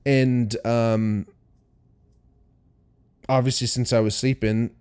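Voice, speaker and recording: A man's voice: medium pitch, little pitch movement, takes it slowly, darkish tone, clear, resonant tone. A young man hosting a podcast, telling a story in a rambling, profane, worked-up way. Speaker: podcast host. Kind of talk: casual storytelling monologue.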